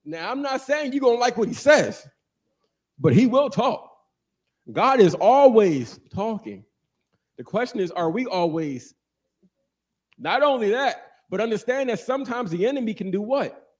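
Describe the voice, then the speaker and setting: A man preaching a sermon, animated and joking, asking the congregation questions and answering them. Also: high voice, normal speed, pauses often. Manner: animated, call-and-response, jokes with congregation.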